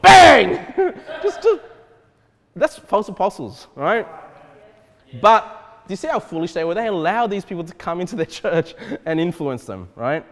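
High lively voice, guy preaching in a church, big hall echo, keeps saying okay. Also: normal speed. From Australia. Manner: animated, repeatedly checks in with "okay?". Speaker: pastor. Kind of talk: expository sermon.

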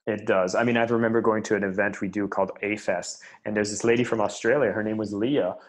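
Enthusiastic man with a low voice. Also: quick pace. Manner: enthusiastic, animated storytelling. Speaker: sales and marketing leader, guest. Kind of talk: conversational podcast interview.

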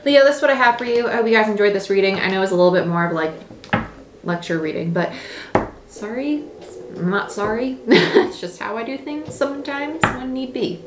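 A woman's voice: a little high, animated, a little fast. A young woman giving a casual tarot reading, chatty, blunt and encouraging with playful exclamations. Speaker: tarot reader. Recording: echoey room with faint noise.

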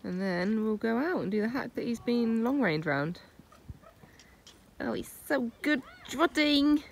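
A woman's voice: a little high, lively intonation, a little slow. Chatty woman vlogging outdoors. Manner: chatty, cooing praise at the pony. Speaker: vlogger and horse trainer. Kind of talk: casual vlog narration. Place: outdoors on a country track, on horseback. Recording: noisy outdoor phone recording.

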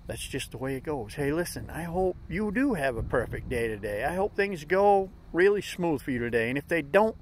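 A middle-aged man with a voice pitched a little high talks to his viewers in a folksy, upbeat way. He keeps it casual and motivational, leaning on everyday slang. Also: sing-song, moderate pace, few pauses, slight background noise. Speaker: vlog host.

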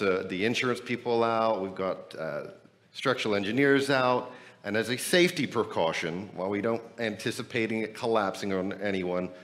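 A man preaching as a pastor, energetic and emphatic, asking rhetorical questions while he is losing his voice. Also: on the low side. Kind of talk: sermon and church announcements. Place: church building, temporary meeting room.

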